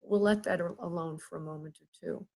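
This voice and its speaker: A woman hosting a live psychic reading, speaking haltingly with many pauses and calling the caller by endearments. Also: on the low side, fairly even intonation, creaky, mellow, rough recording. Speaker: psychic medium host.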